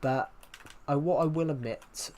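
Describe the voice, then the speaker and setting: A man's voice: on the high side, a little slow, darkish tone. A young British man chatting casually on a livestream, rambling with many restarts and answering viewer comments. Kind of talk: casual stream chat.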